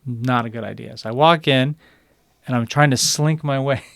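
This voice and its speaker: Smooth-voiced chatty man. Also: medium pitch, moderate pace, no echo, studio quality. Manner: chatty, relaxed, retells scenes with quoted dialogue. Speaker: podcast co-host. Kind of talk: casual storytelling chat.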